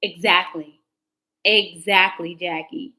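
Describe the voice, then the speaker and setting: A woman's voice: on the low side, fairly even intonation, slow, sharp tone, poor audio. A woman tarot reader talking casually to her livestream viewers, candid and slangy. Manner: chatty and candid, slangy, talks back to chat comments.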